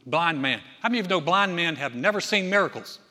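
A man preaching a sermon, animated, acting out scenes with loud cries and asides. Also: on the high side, fast talker. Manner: animated, acts out voices with shouts. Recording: echoey hall.

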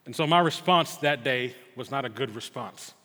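A middle-aged pastor preaching in a church, his voice carrying a long hall reverb. He is earnest and storytelling, often restarting his words, and his pitch sits in an ordinary male range. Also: moderate pace, sharp tone. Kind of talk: sermon with personal story. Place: church sanctuary.

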